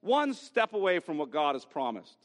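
Pastor, male, high pitch; emphatic Bible teacher who repeats key phrases; church sanctuary with long reverb. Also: big pitch swings, moderate pace. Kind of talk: expository sermon. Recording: long reverb from a large hall.

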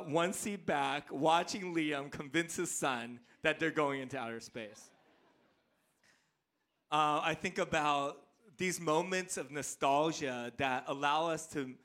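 A man in his thirties, a pastor preaching a sermon as an animated, playful storyteller. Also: on the high side.

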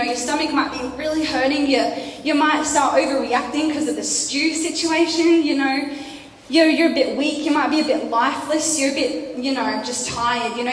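A woman's voice: sits high, a little hiss or hum. A woman giving a casual, playful youth sermon, chatting and teasing her listeners with questions. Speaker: youth preacher. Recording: echoey hall from far off.

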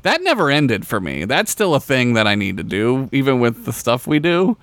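A man's voice: medium pitch, wildly swooping pitch, moderate pace, a bit bright, no echo. A man co-hosting a podcast, telling stories in a sardonic, profane, casual way. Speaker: podcast co-host. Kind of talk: casual chat.

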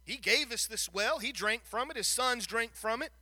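High, bright-voiced preacher. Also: male voice, normal speed, no room sound. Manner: storytelling preacher who acts out the Bible scene, stumbles and repeats words. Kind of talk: sermon.

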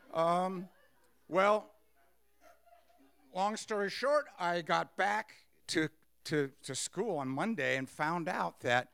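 A man telling a personal story on stage, animated, acting out what people said. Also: high voice, creaky, clean tone, no echo. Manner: animated, acts out quotes with laughs.

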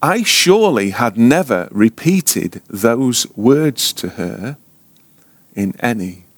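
A man preaching at a ministry school, telling a story slowly and dramatically, often sinking to a hushed near-whisper. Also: medium pitch, very animated, no echo. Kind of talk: sermon storytelling.

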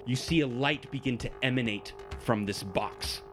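A male game master telling a tabletop adventure in a mid-pitched voice, rushing through some descriptions and slowing on others. Soft music runs quietly behind him. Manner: vivid descriptive storytelling, quick bursts.

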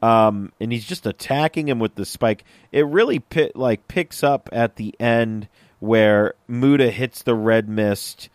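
A man's voice: mid-range voice, unhurried, no echo, clean studio sound. A young man co-hosting a casual podcast chat, rambling with lots of fillers. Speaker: podcast co-host.

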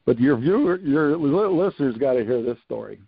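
A man's voice: medium pitch, expressive, fairly quick, vocal fry, breathy edge, no echo, phone-quality sound. An older man, a retired coach, telling stories animatedly in a casual interview, repeating phrases for emphasis. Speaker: retired coach, podcast guest.

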